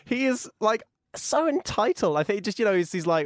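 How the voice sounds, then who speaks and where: A man in his twenties chatting as a podcast guest, animated and sarcastic, mocking the people he talks about. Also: high-pitched, moderate pace, no echo, clean studio sound. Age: 20s. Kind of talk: casual podcast chat.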